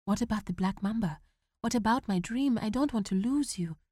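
A woman's voice: medium pitch, fairly quick, a little mellow, dry recording, studio quality, voice pushed up, lightly acted. A woman voicing a frightened fourteen-year-old boy who begs his father not to leave, with urgent, pleading delivery. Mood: desperate.

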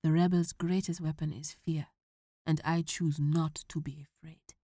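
Calm, reassuring father figure in a storybook, low and soft-spoken, read by a woman. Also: measured pace. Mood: steady. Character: calm, steady African ranger father.

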